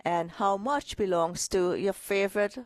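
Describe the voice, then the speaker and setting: A woman co-hosting a retirement money show, talking in a lively, direct, playful way. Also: medium pitch, a little slow, no echo, studio quality. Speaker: co-host financial advisor. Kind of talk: casual radio-style talk.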